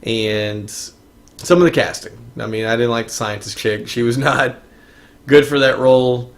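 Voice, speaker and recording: A man's voice: medium pitch, a little slow. Rambling man reviewing movies casually. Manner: rambling, many restarts and fillers. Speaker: podcast co-host.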